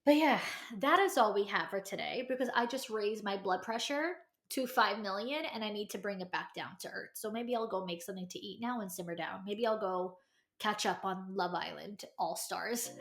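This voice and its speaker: A woman's voice: medium pitch, normal speed, gravelly, echoey room, faint music behind. A young adult woman hosting a solo advice podcast, blunt and emphatic, repeating her points with tough-love force. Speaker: podcast host giving advice.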